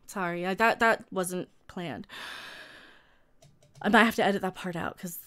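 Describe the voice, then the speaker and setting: Bright-voiced woman in a profane rant. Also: lowish voice, sing-song, moderate pace, long pauses. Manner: profane, combative, answers critics directly; repeats and restarts when worked up. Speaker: YouTuber. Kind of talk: heated rant to camera.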